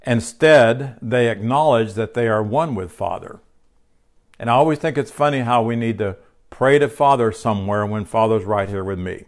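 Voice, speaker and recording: A man's voice: medium pitch, moderate pace. A man teaching a spiritual lesson from his home, speaking conversationally with fillers and restarts, and sounding tired. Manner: conversational, with fillers and self-corrections. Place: home room.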